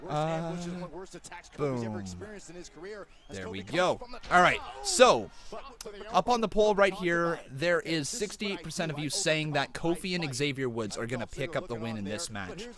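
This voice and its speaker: Chatty young man hosting a live stream. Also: mid-range voice. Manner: chatty, upbeat, often breaks into loud excited shouts. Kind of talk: live-stream reaction chat.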